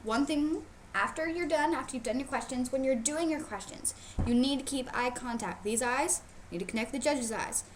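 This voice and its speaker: Woman, fairly high voice, playful, emphatic instructor, faint background noise. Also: normal speed, few pauses. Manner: emphatic, playful, repeats key points. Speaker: 4-H rabbit showmanship instructor. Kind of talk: casual instructional video.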